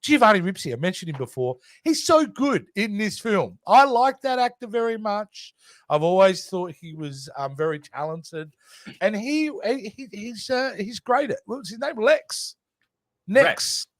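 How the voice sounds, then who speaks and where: A chatty man reviewing films on a podcast. His voice sits a touch high and swings up and down a lot. It comes through a dry, close mic. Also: big pitch swings, unhurried, dry recording. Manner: chatty, hesitant, with many restarts. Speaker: podcast co-host. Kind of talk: casual film review chat.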